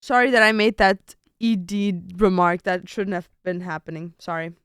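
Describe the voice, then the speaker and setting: Chatty young woman streamer, smooth voice. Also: mid-range voice, moderate pace, fairly bright tone, no room sound, clean studio sound. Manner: chatty, swears casually, thinks aloud while ordering food. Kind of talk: casual chat to stream viewers.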